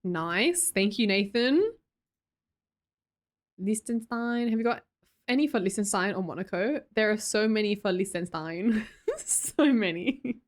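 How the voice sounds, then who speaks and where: A woman's voice: medium pitch, lively intonation, measured pace, pauses often. An Australian woman, a young adult, hosting a casual livestream chat, reading chat aloud and laughing often. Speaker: livestream host.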